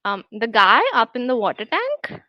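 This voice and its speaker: A woman's voice: fairly high pitch, big pitch swings, moderate pace, dry recording. A woman voicing a breezily casual young killer. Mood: breezy. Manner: breezy, matter-of-fact and chatty. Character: cheerful, casually murderous young woman host. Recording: dull lo-fi recording.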